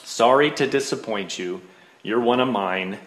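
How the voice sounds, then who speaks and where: A man's voice: medium pitch, a little slow, a bit bright, natural voice. A man voicing a stern, dry-humored father who speaks tersely, in a roomy echo. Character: gruff dad, stern and dry.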